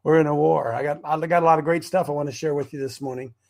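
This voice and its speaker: Rambling livestream host, gravelly male voice a bit high, talking off the cuff to his group on a webcam. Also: quick pace. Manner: rambling, excitable, self-interrupting. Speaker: host of a preparedness group show. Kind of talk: rambling casual livestream talk. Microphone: webcam on a wobbly stand.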